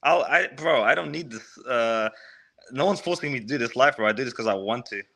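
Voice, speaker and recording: Young male fighter on a video call, bright and forceful, emphatic, peppers every answer with bro. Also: mid-range voice, lively intonation, brisk. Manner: emphatic, keeps saying bro and man. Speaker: MMA fighter. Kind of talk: casual remote interview.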